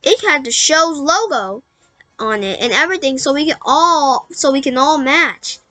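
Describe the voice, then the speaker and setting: A woman's voice: high voice, expressive, normal speed, sharp tone, no echo. A woman reading as a cheerful reassuring mom. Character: cheerful mother reassuring her kids.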